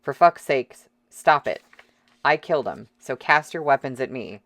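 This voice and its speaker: A man's voice: medium pitch, expressive, a little fast, sharp tone, no echo. A reader voicing a bound, condemned man who roars in desperate rage, in an audiobook. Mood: raging. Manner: roaring, teeth gnashing.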